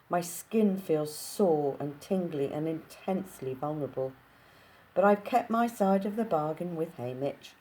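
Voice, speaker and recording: A woman reading a novel aloud in an unhurried way, with casual asides to her listeners. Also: low voice, darkish tone. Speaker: audiobook reader.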